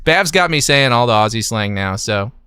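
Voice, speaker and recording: A bright, clear-voiced man hosts a livestream and chats easily with callers, leaning on lots of fillers. His voice sits close and dry on the mic. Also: mid-range voice, lively intonation, moderate pace, dry recording. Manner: easygoing, chatty, lots of fillers. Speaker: livestream host. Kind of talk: casual chat with callers.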